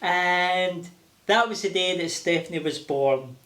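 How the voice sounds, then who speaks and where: An older man with a Glaswegian accent, telling lively stories with laughter as an interview guest. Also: high voice, slow pace. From Scotland. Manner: animated, laughing, acting out voices. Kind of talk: casual storytelling. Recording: roomy echo.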